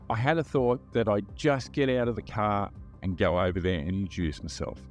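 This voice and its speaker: A man's voice: fairly low pitch, moderate pace, hardly any pauses, faint music behind. Laid-back man telling a story. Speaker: podcast host and former undercover officer. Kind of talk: first-person true-crime storytelling.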